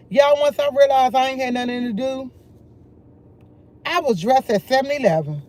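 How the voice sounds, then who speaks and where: A woman's voice: sits high, animated, moderate pace, pauses often, a little mellow, a little hiss or hum. Chatty woman greeting her live viewers. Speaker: live-stream host. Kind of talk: casual morning chat.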